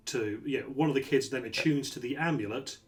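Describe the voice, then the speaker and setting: A man playing in a tabletop game, planning out loud with plenty of fillers. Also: mid-range voice, fairly quick. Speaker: player. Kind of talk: casual tabletop gaming chat. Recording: faint background music.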